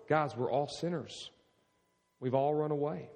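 A man's voice: on the high side, unhurried, darkish tone, big-room sound. A man preaching a sermon, telling the story vividly and firing rhetorical questions at his congregation. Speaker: pastor.

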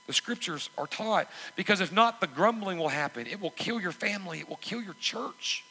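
A man preaching a sermon, emphatic and repetitive, swelling into loud exhortations. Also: high-pitched, breathy edge, in a large hall, rough recording. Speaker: pastor.

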